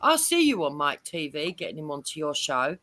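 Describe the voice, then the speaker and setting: A man's voice: a little high, big pitch swings, normal speed, pushed and bright, dry recording. A man with a Cockney accent talks on a live panel, indignant and ready to swear. His voice rises and falls a lot as he argues his point. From East London. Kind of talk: casual live panel chat.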